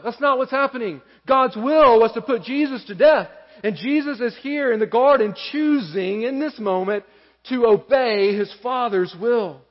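High-voiced pastor preaching in an echoey church. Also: male voice. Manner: earnest, repeats key phrases for emphasis. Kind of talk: sermon. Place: church sanctuary. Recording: echoey church hall, dull lo-fi.

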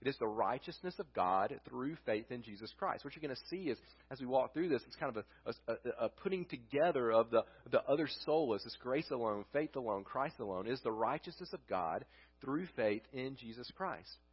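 Male pastor, mid-range voice, breathy edge; conversational sermon delivery on a dull church recording. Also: medium pitch, lively intonation, fairly quick. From United States. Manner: conversational preaching with rhetorical questions and restarts. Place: church sanctuary.

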